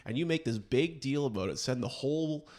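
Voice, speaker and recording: A man's voice: medium pitch, expressive, brisk, darkish tone. A man hosting a podcast, rambling through casual chat with sarcastic, mock-serious asides. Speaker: podcast host.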